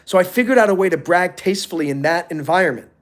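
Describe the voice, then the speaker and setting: A middle-aged man on a motivational live stream, telling animated stories and acting out the people he quotes. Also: high voice, fast.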